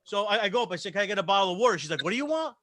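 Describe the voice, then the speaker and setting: Fast, animated man hosting a chat. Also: high-pitched, no echo, clean studio sound. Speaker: host. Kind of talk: casual panel chat on a livestream.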